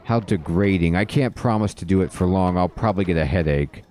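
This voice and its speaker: Man as a haughty penguin, sniffy, reluctant, dark tone. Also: sits low, fairly quick, slight background noise, close to an everyday voice.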